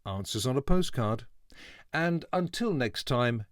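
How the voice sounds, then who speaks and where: Wry, measured man with neutral British English. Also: medium pitch, animated, no echo, studio quality. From England. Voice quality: clear, well-enunciated delivery. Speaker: voice artist. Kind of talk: scripted spoken essay.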